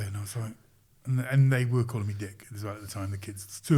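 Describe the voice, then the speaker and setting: A man's voice: mid-range voice, fast talker, few pauses, breathy edge. A middle-aged man, a sports coach, telling a story as a podcast guest in a casual way, acting out the quoted lines with chuckles. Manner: lively retelling, acts out quoted lines, chuckles.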